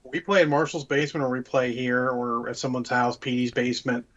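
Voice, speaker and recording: A man's voice: mid-range voice, level tone, fairly quick, fairly bright tone, dull audio. A man co-hosting a tabletop gaming podcast, ranting bluntly and swearing a lot in casual chat. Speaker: podcast co-host.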